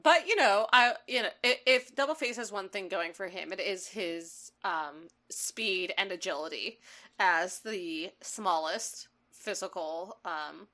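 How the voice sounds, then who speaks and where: A woman's voice: mid-range voice, a little slow, pushed and bright. Wry, joking podcast co-host woman. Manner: wry, joking asides, quotes characters. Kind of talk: casual recap chat.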